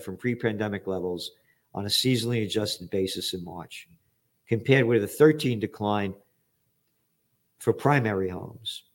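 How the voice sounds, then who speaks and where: A man's voice: on the low side, expressive, unhurried. An older man giving blunt, sarcastic news commentary, reading out headlines and adding profane asides. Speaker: trends forecaster hosting a news commentary show.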